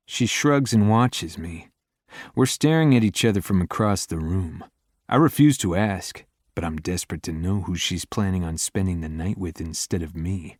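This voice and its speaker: Male romance audiobook narrator, very low voice, intimate first-person read, dry booth. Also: normal speed, dry recording.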